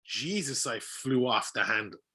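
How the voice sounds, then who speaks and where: An Irish man, a voice actor on a podcast, chatting casually in an animated way, swearing freely and laughing often. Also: medium pitch, unhurried. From Ireland. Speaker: voice actor guest.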